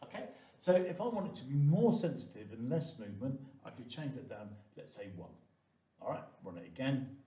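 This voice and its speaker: A man with a mid-range, expressive voice and a dark tone walks viewers through a screen-recorded coding tutorial at a moderate pace. He keeps it chatty, sprinkling in plenty of "okay" and "all right." The audio sounds echoey, distant and dull, like a lo-fi room.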